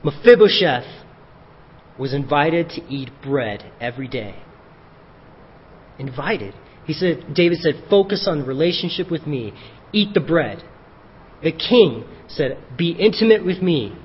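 A high-pitched, lively male preacher delivers a sermon, jumping into the voices of the people he quotes. His voice is slightly husky. It carries long reverb in a church hall and sounds dull and lo-fi. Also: measured pace. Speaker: pastor.

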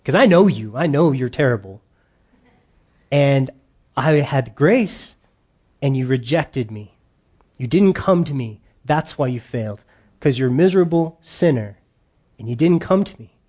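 A man putting on a sarcastic, scolding God who berates a failing believer, in a quick, lowered voice. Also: lively intonation, mellow, slightly rough. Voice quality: sarcastic, reproachful. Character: scolding, disappointed God as wrongly imagined.

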